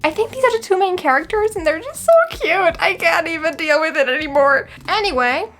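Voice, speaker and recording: A woman's voice: extremely high pitch, animated, brisk, over music. A woman book vlogger chatting dramatically to camera from her bedroom, often close to tears. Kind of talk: casual chat to camera.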